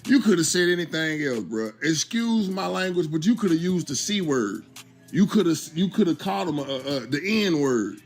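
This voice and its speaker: A slightly high-voiced man rambles through casual commentary, tossing in 'bro' at nearly every turn. He sounds relaxed and talkative. Soft music hums faintly behind him. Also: moderate pace. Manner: conversational, repeats 'bro' and 'you understand me'. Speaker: YouTube commentary host.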